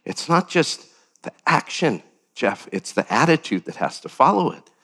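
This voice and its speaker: Older man, pastor, preaching a sermon, lively delivery, acts out quotes, pitch jumps high then drops low. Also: moderate pace, slightly rough.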